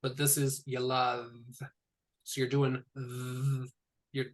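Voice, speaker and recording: A man teaching a one-on-one language lesson, patiently explaining sounds and repeating each word slowly. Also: medium pitch, completely flat delivery. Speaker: Hebrew teacher. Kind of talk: tutoring session.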